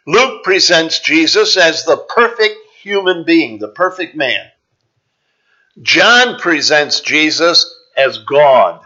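A man preaching a Bible teaching sermon in a measured, explanatory way, pausing often with "uh". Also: on the high side, sharp tone, highs cut off. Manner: measured, explanatory, with frequent "uh" pauses.

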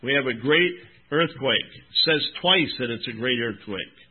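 A man preaching a sermon, reading scripture with emphatic, drawn-out stresses and calling his listeners "my friend" and "folks.". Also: medium pitch, expressive, slightly rough. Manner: emphatic, drawn-out Bible reading, rising and dropping in volume. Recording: tinny phone-like recording.

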